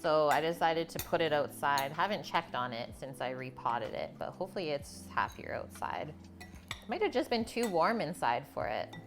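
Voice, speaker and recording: A woman with a low voice hosts a relaxed live cooking stream from her home kitchen, talking through each step as she works. Faint music and the clink of dishes sit behind her. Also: normal speed. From Canada. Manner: chatty, explains cooking steps as she goes. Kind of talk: casual live cooking chat.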